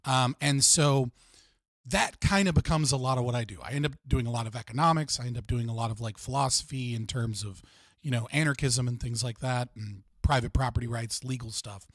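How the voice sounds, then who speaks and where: A young American livestream host chats casually and rambles, his speech full of "like." He speaks briskly at medium pitch, and the clean studio audio has no echo.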